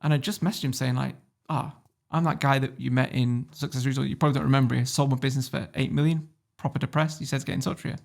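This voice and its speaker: A man from Warrington with a northern English accent, telling stories as a podcast guest in a casual, animated way, swearing freely. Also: medium pitch, quick pace, vocal fry, few pauses. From Warrington, England. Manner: animated storyteller, swears freely, laughs often. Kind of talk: casual interview storytelling.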